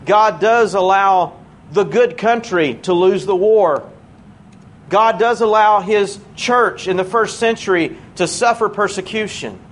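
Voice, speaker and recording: A man preaching a sermon in a church, conversational and earnest, slowing down to stress key words. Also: sits high, a bit bright, a little hiss or hum.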